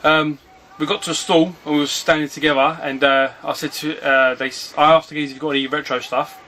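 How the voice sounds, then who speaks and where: A man's voice: a little high, little pitch movement, brisk, sharp tone, slight background noise. Chatty man vlogging outdoors. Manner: rambling, chatty, often breaks off to call his dog. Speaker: retro game collector vlogger. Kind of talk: casual vlog chat. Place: outdoors at home on a sunny afternoon.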